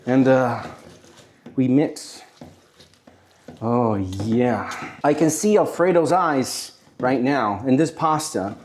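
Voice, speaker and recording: Playful home cook. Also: male voice, medium pitch, animated, takes it slowly, pauses often, darkish tone, a little hiss or hum. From Italy. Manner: playful, exclamatory, self-mocking. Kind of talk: cooking demonstration.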